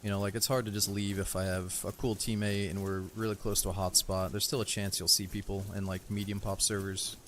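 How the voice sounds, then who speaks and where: A man's voice: lowish voice, level tone, a little fast, few pauses, a bit bright, a little hiss or hum. A man streaming a game live, chatting casually with viewers and a teammate in an easygoing, rambling way. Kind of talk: casual live-stream chat while playing.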